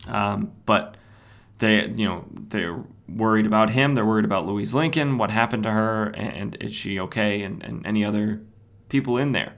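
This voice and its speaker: Male podcast host, low voice, rambling casual comic recap, lots of ums. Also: normal speed, creaky. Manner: rambling, self-correcting, many fillers.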